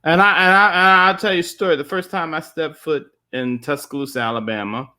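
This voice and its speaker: Guy with a bright higher voice chatting, telling a story, relaxed talk. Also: brisk. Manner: storytelling, conversational. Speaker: guest speaker. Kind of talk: casual discussion.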